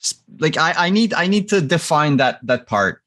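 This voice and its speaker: A man's voice: fairly high pitch, big pitch swings, normal speed, fairly bright tone. A man talking casually as a player while planning a tabletop role-playing game, hesitant and stammering with wry asides.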